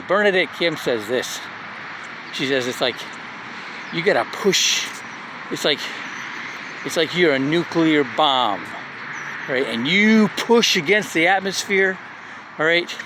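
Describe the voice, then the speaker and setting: Middle-aged guy chatting loosely at a community live, voice a bit on the high side, faint hiss behind. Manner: loose and conversational, keeps checking in with "right?". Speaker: speaker at a community live session. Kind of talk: casual motivational talk with personal stories.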